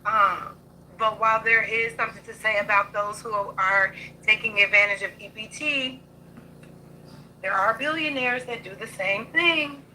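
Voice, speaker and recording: Slow, hesitant woman with a bright voice. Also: medium pitch, a little hiss or hum, rough recording. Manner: hesitant, halting, measured. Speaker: guest on the stream. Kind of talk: casual chat.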